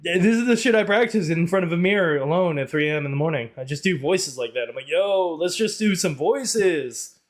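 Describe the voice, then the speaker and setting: A young man from Northern Ireland chats on a live stream in a casual way, wandering off on tangents and laughing often. His voice is a little high and fast, with few pauses, and carries a Northern Irish accent.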